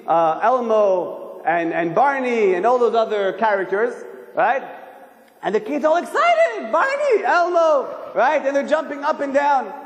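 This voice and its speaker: A man giving a sermon as a rabbi, animated and firing rhetorical questions at his listeners. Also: high-pitched. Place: synagogue hall. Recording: echoey hall, long reverb.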